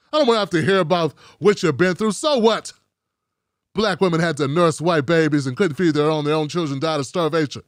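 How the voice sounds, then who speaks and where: A petulant, grumbling TV viewer, put on by a man who whines in a high, exasperated voice. The sound is dry and close, with sarcasm in every complaint. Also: a bit bright, no room sound. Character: whiny petulant bigoted male TV viewer.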